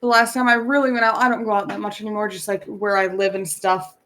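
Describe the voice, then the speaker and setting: A woman's voice: mid-range voice, flat delivery, fast, a bit bright, slight background noise. A young woman from the United States co-hosting a podcast, frank and chatty, telling rambling anecdotes. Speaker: podcast co-host. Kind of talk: casual chat.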